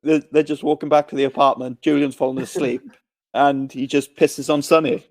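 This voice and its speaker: A man co-hosting a podcast, casually recapping a film and acting out its scenes in quick voices. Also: on the high side, little pitch movement. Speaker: podcast co-host. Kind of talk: casual movie recap chat.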